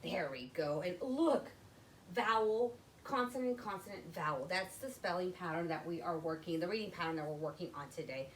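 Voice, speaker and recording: Expressive woman teaching young children. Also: on the low side, a little hiss or hum, low-quality recording. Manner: slow, step-by-step, addressing children. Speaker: literacy teacher. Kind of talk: classroom phonics lesson.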